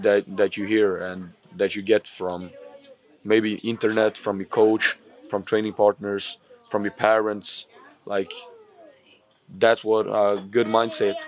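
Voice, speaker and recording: Earnest, low-voiced fighter with halting speech. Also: male voice. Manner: earnest, hesitant, with many "uh" fillers. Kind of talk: casual interview answer. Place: fight gym.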